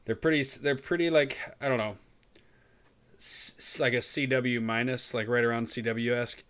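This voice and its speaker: A man with a bright, forceful voice trades crude jokes on a casual podcast. He is loud and banters freely. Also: mid-range voice, steady tone, normal speed, clear, resonant tone. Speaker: podcast co-host. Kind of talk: casual chat.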